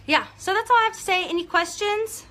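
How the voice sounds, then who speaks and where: A woman business coach talking casually and excitedly to viewers on a live video and calling out their names. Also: very high-pitched, brisk. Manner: upbeat, gushing, talks to viewers by name.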